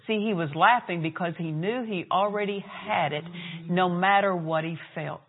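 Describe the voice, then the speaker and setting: A woman's voice: on the low side, normal speed. Woman preaching over a tinny line. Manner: preaching, retelling a story with acted-out laughs and quotes. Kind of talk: sermon. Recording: tinny phone-like sound.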